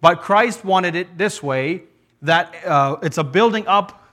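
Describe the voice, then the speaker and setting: A male preacher delivering a sermon to his congregation. His voice sits a little higher than most men's. He speaks earnestly, often stopping to restart a thought or to read scripture aloud. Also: takes it slowly, fairly bright tone.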